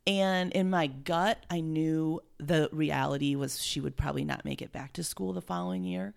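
A middle-aged woman with a low voice and a gravelly edge talks as an interview guest. She speaks from the heart, emotional and halting, and often breaks off and restarts. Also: fairly even intonation. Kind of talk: heartfelt conversation.

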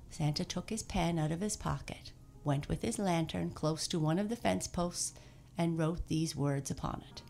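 Woman narrator, storybook reading, low and gravelly, measured pace. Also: a little mellow. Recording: faint music under voice.

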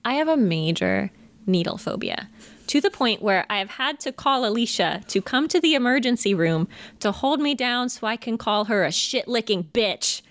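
A woman co-hosting a podcast in casual chat, her somewhat high voice swooping up and down as she tells stories. She swears freely and laughs often. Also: normal speed, no room sound. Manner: animated, profane storytelling with frequent laughter. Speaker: podcast co-host.

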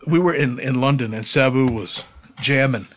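A man's voice: mid-range voice, normal speed. Male podcast co-host, casual storyteller, mid-range voice. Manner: storytelling, laughing at old road stories. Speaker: podcast co-host, former wrestler. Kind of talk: casual chat.

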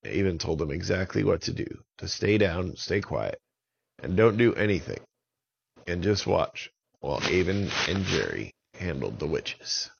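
A man telling a children's story in an unhurried, expressive way. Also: low-pitched, vocal fry, slightly rough, lo-fi sound.

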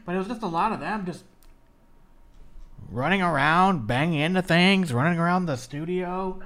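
A man co-hosting a casual wrestling podcast, profane and animated, ribbing wrestlers and slipping into mocking voices. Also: sits high, normal speed. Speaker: podcast co-host.

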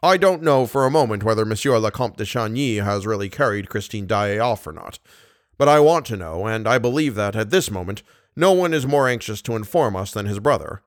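A male narrator voicing a self-satisfied police commissary who questions briskly. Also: lowish voice, expressive, no room sound, studio quality. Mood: lecturing.

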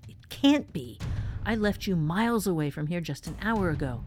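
A woman voicing a frightened woman in a storybook reading, shrill and panicked. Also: expressive, moderate pace, darkish tone, a little hiss or hum, natural voice.

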